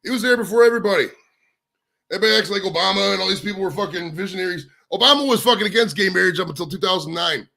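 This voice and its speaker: A man's voice: high-pitched, very fast, creaky, sharp tone. A man hosting a livestream from home, rambling casually and swearing freely as he gives blunt opinions. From United States. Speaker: livestream host. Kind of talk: casual rambling stream chat. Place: his home.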